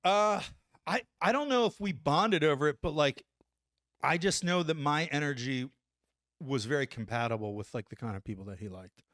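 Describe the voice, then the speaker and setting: A man in his forties, an army veteran guest on a podcast, telling an animated story and tagging lines with "right?". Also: on the high side, normal speed, no echo, studio quality. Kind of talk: casual storytelling anecdote.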